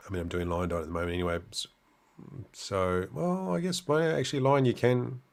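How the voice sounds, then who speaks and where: A middle-aged Australian man hosting a livestream, casually chatting and answering viewer comments with relaxed fillers and restarts. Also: medium pitch, brisk, gravelly. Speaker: livestream host.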